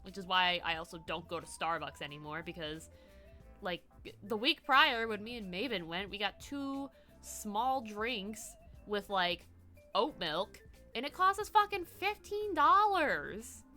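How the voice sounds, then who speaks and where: A woman's voice: mid-range voice, unhurried, bright, forceful tone, soft background music. A young woman from the US East Coast, a streamer chatting casually, rambling with lots of "like" and swearing. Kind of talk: casual chat.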